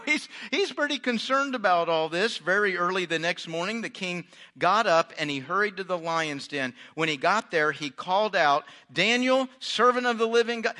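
A man's voice: sits high, sharp tone. A man preaching a sermon, reading scripture aloud and adding chatty, joking asides for his congregation. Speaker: pastor.

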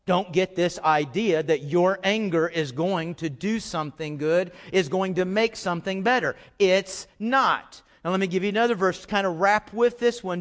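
A middle-aged pastor preaches a sermon that swings between loud, emphatic outbursts and quiet, low asides. He often repeats words as he presses a point home.

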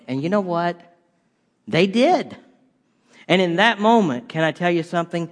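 A man preaching a humorous sermon as pastor, animated and swinging between loud punchlines and quiet dramatic drops. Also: sits high, normal speed, pauses often.

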